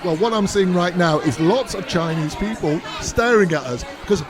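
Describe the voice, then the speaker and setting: A man's voice: sits high, normal speed, crowd noise. A man co-hosting a travel video, describing sights and teasing his partner. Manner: teasing, wisecracking. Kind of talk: travel vlog banter and description.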